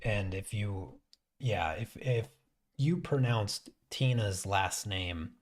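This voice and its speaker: A man's voice: fairly low pitch, animated, slow pace. A man hosting a painting stream, chatting casually as he works and thinking aloud with frequent restarts. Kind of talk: casual chat while painting.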